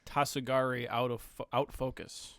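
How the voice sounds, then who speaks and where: Cohost dude, mid voice, teasing crude jokes, dry mic. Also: male voice, mid-range voice, level tone, moderate pace, a bit bright, smooth, no room sound. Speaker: podcast co-host. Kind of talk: casual chat.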